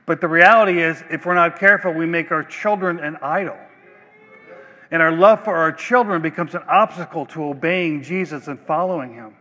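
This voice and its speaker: A man preaching a sermon as pastor, slow and emphatic with long pauses. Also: fairly high pitch, bright, forceful tone. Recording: long reverb of a large hall.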